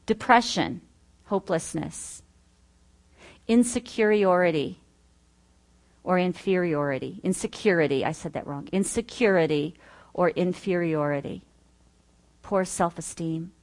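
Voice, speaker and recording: Middle-aged female teacher, low-ish voice, earnest and conversational, works through a list. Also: moderate pace. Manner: earnest, listing points with personal asides. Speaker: Bible study teacher. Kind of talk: teaching talk.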